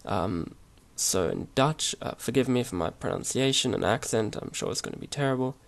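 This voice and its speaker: A man explaining grammar over his slides in a relaxed, hesitant way, with many fillers and restarts. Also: medium pitch, normal speed, creaky. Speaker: language teacher. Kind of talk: casual slide-based language lesson.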